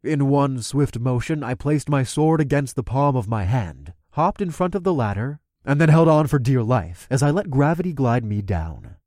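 A man's voice: mid-range voice, animated, moderate pace, few pauses, darkish tone, no room sound, clean studio sound. Man narrating a fantasy audiobook. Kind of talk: first-person audiobook narration.

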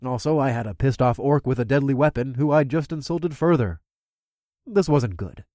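A man's voice: mid-range voice, moderate pace, dark tone, no room sound, studio quality. Man narrating a fantasy audiobook. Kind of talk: first-person audiobook narration.

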